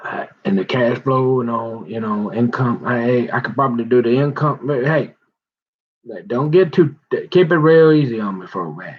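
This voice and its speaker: A man's voice: medium pitch, moderate pace, breathy edge. Rambling man on a dull lo-fi phone recording. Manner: rambling, colloquial, jumps between quoted voices. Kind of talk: rambling monologue.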